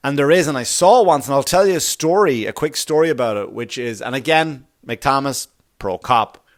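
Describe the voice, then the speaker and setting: A man's voice: mid-range voice, expressive, normal speed. A male comedian hosting a podcast, telling a rambling, profane story in a comedic monologue.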